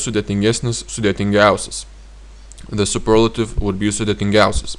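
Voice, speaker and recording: A man with a Lithuanian accent teaching grammar in a slow, halting way with frequent fillers. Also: fairly low pitch. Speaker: language teacher.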